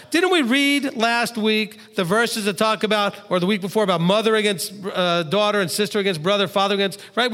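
A man preaching as a rabbi who gets loud to stress his points. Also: high-pitched, long reverb tail. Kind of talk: sermon.

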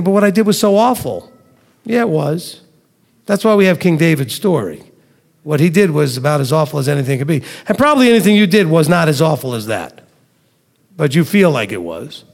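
A man preaching a sermon, teaching conversationally, reading scripture aloud slowly, and asking his listeners questions. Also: a little high, vocal fry, darkish tone, in a large hall.

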